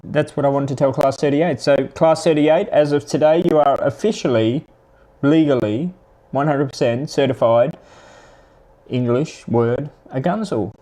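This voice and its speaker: A man, hosting a live stream and chatting casually with viewers in a rambling, halting way. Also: medium pitch, warm tone. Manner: rambling, halting, with many restarts. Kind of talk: casual chat answering viewers.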